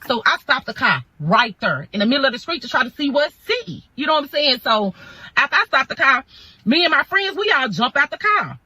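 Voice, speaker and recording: A woman's voice: high-pitched, very animated, fairly quick, sharp tone, low-quality recording. A woman telling a dramatic storytime in slangy, punchy talk full of sound effects. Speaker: storytime creator. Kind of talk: animated storytime.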